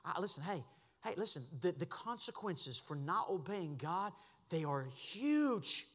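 A man preaching a sermon as pastor, impassioned, dropping to a hush and then rising to a shout. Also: sits high, big pitch swings, a little slow, long reverb tail. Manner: impassioned, swings from hushed to shouting. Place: church sanctuary.

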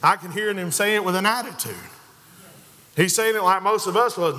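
A man's voice: high voice, moderate pace, pushed and bright. A man preaching a sermon in a church, building emphasis and acting out the voices of the figures he quotes. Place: church sanctuary. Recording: long reverb of a church hall.

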